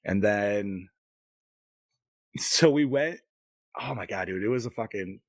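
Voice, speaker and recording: Man, low voice, dry close mic, casual podcast chat, profane rambling storyteller. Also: slow pace, no room sound. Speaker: podcast co-host.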